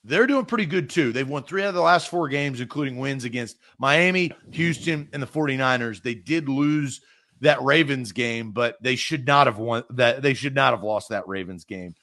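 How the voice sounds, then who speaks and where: A man hosting a live-streamed sports talk show, chatting casually and rattling off viewer comments rapid-fire. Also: mid-range voice, fairly bright tone.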